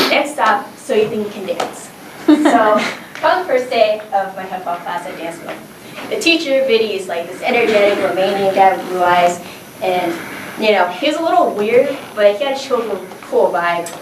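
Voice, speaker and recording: A woman's voice: medium pitch, animated, moderate pace. Woman storyteller on stage, chatty and self-mocking; roomy, distant recording with noise underneath. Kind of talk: live comedic storytelling. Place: stage before a live audience. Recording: echoey and distant, noisy.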